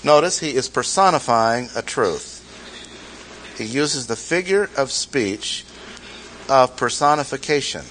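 Emphatic male Bible teacher, mid-pitched. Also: animated, unhurried, fairly bright tone, a little hiss or hum, poor audio. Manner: emphatic, repeats key phrases, asks the audience questions. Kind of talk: expository sermon.

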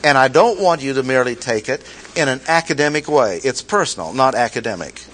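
A man's voice: medium pitch, lively intonation, brisk, a bit bright, low-quality recording. A man teaching a sermon, emphatic, asking the audience questions and repeating key phrases. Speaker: Bible teacher. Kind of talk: expository sermon.

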